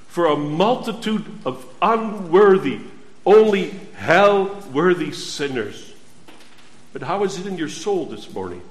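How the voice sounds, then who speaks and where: A man delivers a sermon in a high voice, taking his time over each phrase. He speaks earnestly and puts questions directly to his listeners. The sound rings around an echoey room. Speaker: preacher.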